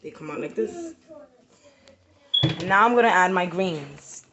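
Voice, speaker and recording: A woman's voice: on the low side, very animated, measured pace, dull audio. A woman and mother filming a casual cooking vlog in her hot home kitchen, chatty and flustered, talking straight to her viewers. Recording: loud background noise from kids. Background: noisy children.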